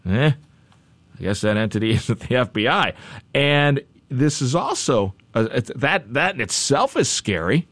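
A man's voice: medium pitch, very animated, measured pace, fairly bright tone, dry recording. A man hosting news talk, giving conversational commentary with wry, chatty asides and repeated phrases.

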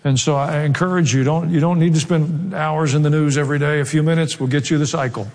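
A man's voice: fairly high pitch, steady tone, fast, a little mellow, long reverb tail. A man with a Southern US accent, preaching a sermon as a pastor in an earnest, emphatic manner.

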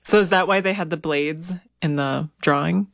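A woman's voice: deep voice, normal speed, vocal fry, no room sound, clean studio sound. A woman interviewing a guest, asking curious and encouraging questions.

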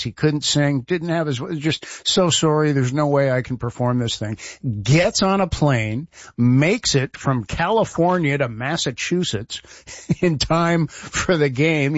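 A man's voice: on the high side, dry recording, highs cut off. A man co-hosting a talk radio show, chatting and ranting playfully with easy laughter. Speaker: radio co-host. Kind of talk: casual talk radio banter.

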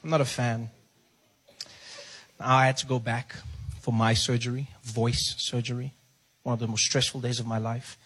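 A male comedian telling a story in a stand-up routine, quick and animated. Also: mid-range voice, breathy edge.

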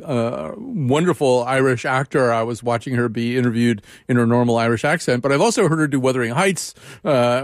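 A man's voice: mid-range voice, no room sound. Guy hosting an interview, stops and restarts a lot, dry close sound. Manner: halting, thinks aloud with many restarts. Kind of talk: radio interview conversation.

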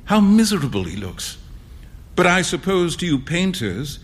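A man voicing an earnest kind young gentleman. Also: high voice, very animated, normal speed.

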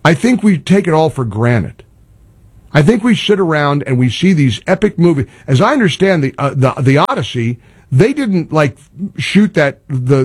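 Animated, husky talk radio man. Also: fairly high pitch. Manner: exasperated, ranting, animated. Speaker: radio talk show host. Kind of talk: opinionated talk radio monologue.

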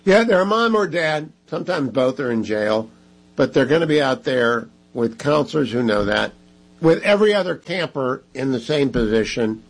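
A man hosting a talk radio show, making an emphatic, repetitive pitch to listeners. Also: expressive, moderate pace, poor audio.

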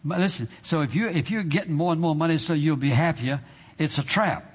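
Speaking a little fast in a husky, slightly high voice, this pastor is also emphatic and conversational, repeating phrases and urging the congregation to say amen. The setting is a church sanctuary, recorded with dull hall reverberation.

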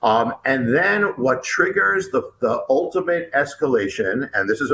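A man who is an author and guest, telling a story about himself in an animated, halting way, with many restarts and repeated words. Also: mid-range voice, a little hiss or hum. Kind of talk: animated first-person storytelling. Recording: echoey room.

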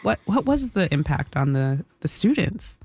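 A woman co-hosting a radio show, introducing segments and interviewing in a relaxed, playful way. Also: fairly low pitch, moderate pace, husky, no echo.

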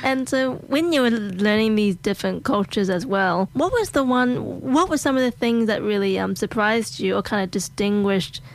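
A woman's voice: mid-range voice, moderate pace, few pauses, rough recording. Young woman, Australian accent, interview host, friendly, casual. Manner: friendly, laughs easily, fillers.

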